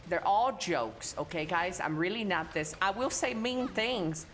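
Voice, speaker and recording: A woman's voice: fairly low pitch, animated, measured pace, a little hiss or hum. A young woman streamer chatting casually and crudely with her chat, teasing and joking. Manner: profane, teasing, talks to chat.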